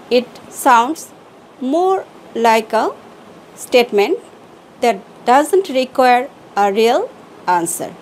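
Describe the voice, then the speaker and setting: A woman English teacher giving an online class, explaining slowly and deliberately with pauses. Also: high voice, a little mellow, slight background noise, low-quality recording.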